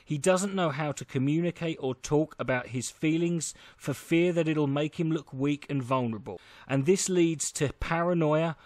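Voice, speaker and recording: A man reads a scripted film review in a measured way, answering his own rhetorical questions. His voice sits a little high. The recording is close and dry. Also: no echo.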